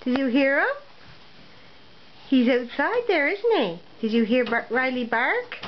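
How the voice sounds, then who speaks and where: A mother in a casual home video, gently coaxing her toddler with short repeated phrases in a sing-song voice. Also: high voice, sing-song, measured pace. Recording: dull lo-fi home recording, faint room noise.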